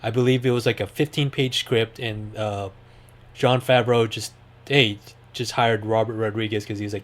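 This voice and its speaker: A man's voice: fairly low pitch, fairly even intonation, moderate pace. A man hosting a podcast, talking in a rambling, enthusiastic way with lots of fillers. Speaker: podcast host. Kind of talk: casual chat.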